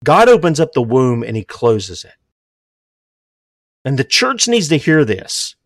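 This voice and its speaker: A fervent older man preaching a sermon, his voice sitting at an ordinary middle pitch. He swings between loud, emphatic declarations and low, hushed lines, and the recording sounds close and dry, with no room echo. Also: sing-song, normal speed. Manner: says he is emotional. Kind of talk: impassioned sermon.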